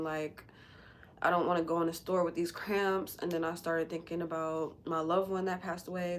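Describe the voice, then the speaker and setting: A woman's voice: lowish voice, slight background noise. A woman hosting a casual livestream, talking candidly and bluntly in a rambling way with lots of fillers, sounding emotional after recent crying. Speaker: livestream host.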